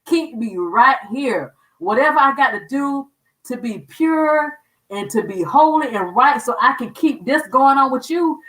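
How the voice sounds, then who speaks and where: A woman's voice: high voice, animated, a little slow, fairly bright tone, reverberant, far from the mic, poor audio. A woman hosting a show, sharing her faith testimony in an earnest, emotional way and repeating words when moved. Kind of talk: personal testimony talk.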